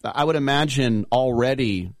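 A man's voice: mid-range voice, normal speed, dry recording, clean studio sound. A man hosting an interview, chatty and enthusiastic, full of tangents and trivia. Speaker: podcast host. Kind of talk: casual interview chat.

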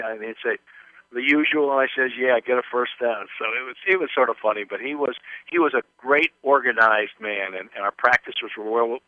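Over a tinny phone line with no room sound, an older man who once played football rambles through anecdotes in a mid-range voice. He restarts often while telling stories casually as an interview guest.

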